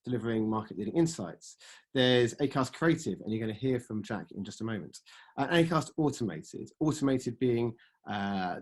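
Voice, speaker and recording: A man in his forties presenting to clients in a mid-pitched voice. He pitches steadily, with ums and uhs, and his sentence ends drop away quietly. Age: 40s. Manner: pitching, with fillers, trailing off at ends. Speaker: ad sales presenter. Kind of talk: business presentation.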